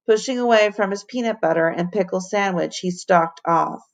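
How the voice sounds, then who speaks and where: A woman fourth-grade teacher reading a children's chapter book aloud to her class in an expressive, clear way. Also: lowish voice, moderate pace, hardly any pauses. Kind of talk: storybook read-aloud.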